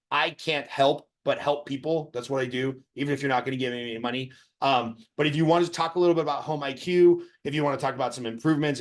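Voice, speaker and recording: Rambling, blunt man hosting a call. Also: medium pitch. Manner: rambling, blunt, self-promoting. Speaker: mortgage lender hosting a training call. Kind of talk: casual training talk on a video call.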